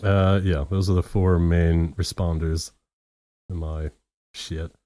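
A man's voice: low voice, little pitch movement, takes it slowly, mellow, no room sound. A man co-hosting a podcast, telling a rambling story with plenty of swearing and laughter on his own mic. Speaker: podcast co-host. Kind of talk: casual podcast chat. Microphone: own mic, recorded separately.

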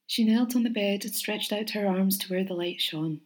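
Female storybook narrator, measured and gentle, mid-pitched voice. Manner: measured, gentle reading with expressive pauses.

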